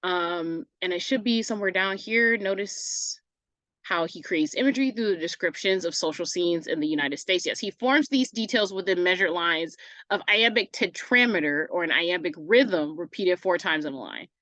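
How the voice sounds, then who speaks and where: A woman's voice: lowish voice, moderate pace, bright, forceful tone, no room sound. A woman teacher giving a recorded online English lesson, casual and self-correcting, often asking "right?" as she goes.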